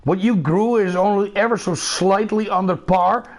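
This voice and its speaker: A man's voice: sits high, moderate pace. A man from the Netherlands with a Dutch accent, chatting casually and profanely as a streamer. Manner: laid-back, profane, laughs often. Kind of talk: casual chat while gaming.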